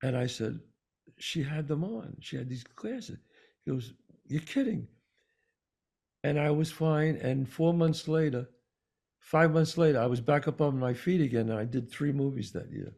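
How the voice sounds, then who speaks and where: A man with a New York accent, co-hosting a talk show and telling a personal story in an animated way, acting out the voices of the people in it. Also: medium pitch, moderate pace, vocal fry. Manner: animated storyteller, acts out quoted dialogue. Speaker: podcast co-host. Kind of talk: storytelling in casual conversation.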